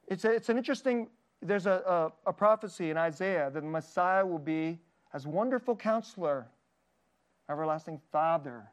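A pastor with a high voice preaches earnestly and tenderly, often laughing lightly and softening his voice for quoted lines.

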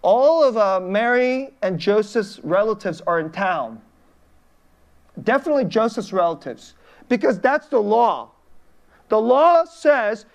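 A woman's voice: on the high side, lively intonation, a little slow. Chatty woman pastor preaching to kids. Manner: chatty, informal, asks questions, laughs often. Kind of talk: children's sermon. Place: church before a congregation.

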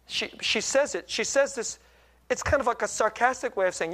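A man's voice: high-pitched, expressive, moderate pace, fairly bright tone. A middle-aged man preaching in a conversational, self-deprecating way, often checking in with tag questions. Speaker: pastor. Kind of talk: conversational sermon.

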